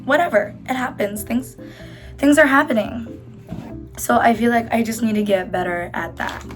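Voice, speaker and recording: A woman's voice: fairly high pitch, normal speed. A young woman vlogging casually to camera, rambling and full of fillers while doing her makeup, faint music behind her. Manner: rambling, filler-heavy, self-reassuring. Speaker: YouTuber. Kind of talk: casual confessional chat to camera.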